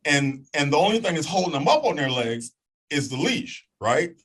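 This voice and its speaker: Lively husky man telling a story. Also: a little high, normal speed, low-quality recording. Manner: lively, acts out voices and sounds, checks in with "okay?". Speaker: guest telling a personal testimony. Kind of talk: animated storytelling.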